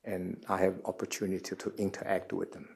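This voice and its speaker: Halting, gravelly man in his seventies. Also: low-pitched, completely flat delivery, a little mellow, slight background noise. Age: 70s. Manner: halting, often repeats words before going on; earnest, measured explanation. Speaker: guest speaker. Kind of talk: answering questions at a public forum.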